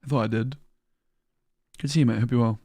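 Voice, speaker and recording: A man's voice: medium pitch, steady tone, fast, dark tone, dry recording. A man talks loosely and playfully, like a streamer hanging out with his audience. His voice sits in a middle register. The sound is dry and close, with no room around it. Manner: chatty, joking, uses slang. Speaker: stream host. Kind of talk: casual livestream chat.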